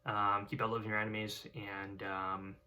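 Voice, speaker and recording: Rambling young man with bright voice. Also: fairly low pitch, little pitch movement, moderate pace. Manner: rambling, frequent fillers and restarts. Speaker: vlogger. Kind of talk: casual monologue to camera.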